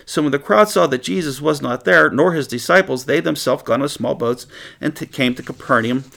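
A man teaching through Bible passages in a conversational, animated way, reading verses aloud and joking with his listeners. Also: a little high, a little fast, vocal fry. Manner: conversational, animated, chuckles often.

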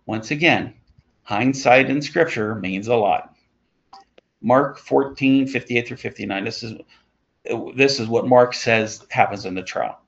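A man's voice: medium pitch, vocal fry, highs cut off. A man leading an informal Bible study, talking conversationally with chuckling asides as he reads and explains scripture.

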